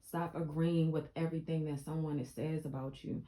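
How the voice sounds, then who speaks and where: A young woman speaks to her viewers in a casual motivational vlog. Her voice sits low and mellow. She talks earnestly and repeats lines for emphasis. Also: steady tone, normal speed, low-quality recording. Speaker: vlogger.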